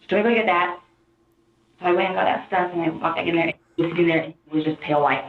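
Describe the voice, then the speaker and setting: A woman recounts events to an interviewer, rambling and acting out the quotes. Her voice sits a little low, and the archival recording is tinny and echoey. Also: fairly even intonation, fast talker. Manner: rambling retelling, acts out quotes.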